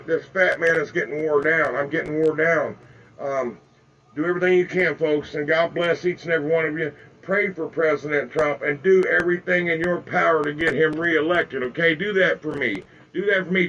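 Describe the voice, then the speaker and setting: An older man vents his anger straight into the camera in a fervent, repetitive rant, addressing his audience as folks. His voice sits a bit high for a man. The recording is dull and lo-fi, with a faint hum underneath. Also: a bit bright. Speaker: political video blogger. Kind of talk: impassioned direct-to-camera rant. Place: home with flags in the background.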